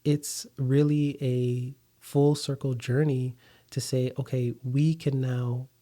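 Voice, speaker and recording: Guy in a podcast chat, warm mellow voice, easy steady storytelling, some ums. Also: mid-range voice, slow. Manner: thoughtful, steady storytelling with fillers. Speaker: food company founder, guest. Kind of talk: conversational interview.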